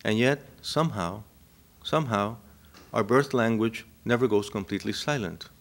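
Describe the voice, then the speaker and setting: Lecturer, male, native Spanish speaker from Cuba; low, gravelly voice; reflective, talks to the room. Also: normal speed, a bit bright. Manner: reflective, checks in with listeners often. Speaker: university lecturer. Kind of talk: academic lecture.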